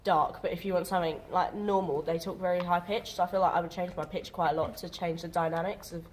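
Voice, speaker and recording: A woman's voice: lowish voice, fairly even intonation, fast talker, a little mellow, slight background noise. A woman drama student talking casually in a group discussion, chatty and full of fillers.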